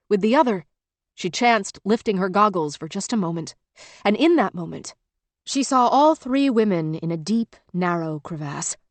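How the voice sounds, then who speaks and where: A woman narrating an audiobook in a measured, tense storytelling manner. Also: mid-range voice, dry recording. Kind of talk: scripted narration.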